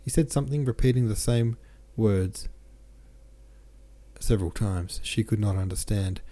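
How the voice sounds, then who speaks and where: A man narrating a classic novel as a podcast host, reading in a measured way with small self-corrections. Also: fairly low pitch, mellow. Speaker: podcast host and audiobook reader.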